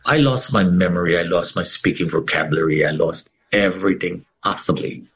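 A middle-aged man giving an emotional personal testimony as an interview guest, telling it dramatically with big swings in pitch. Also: fairly quick, fairly bright tone, breathy edge, rough recording.

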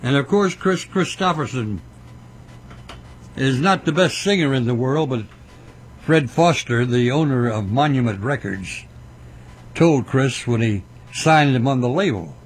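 A man hosting a radio music show, telling stories about artists in a folksy, unhurried way. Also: medium pitch, expressive, slight background noise. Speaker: radio host. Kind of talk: radio DJ patter between songs.

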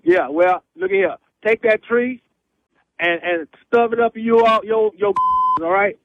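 A man's voice: high-pitched, measured pace, no echo, phone-quality sound. A man arguing on the phone, dismissive and laughing, speaking in streetwise slang. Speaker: prank victim on the phone. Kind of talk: heated phone argument.

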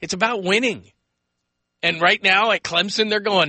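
An American man hosting a call-in sports radio show, talking in an energetic, rambling way and taking calls. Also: sits high, moderate pace, dry recording. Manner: energetic, rambling, acts out quoted voices.

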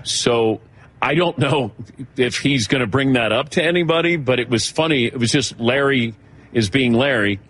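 A man's voice: mid-range voice, moderate pace, a bit bright, slight background noise. A man hosting a radio show, joking casually with a guest and announcing what comes up next.

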